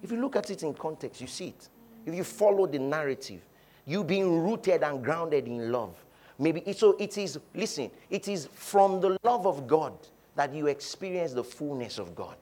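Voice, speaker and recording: A man preaching a sermon, shouting one moment and dropping low the next, leading his congregation to repeat phrases. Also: animated, normal speed. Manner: preaching with swings from shouting to quiet, leading call-and-response. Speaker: pastor.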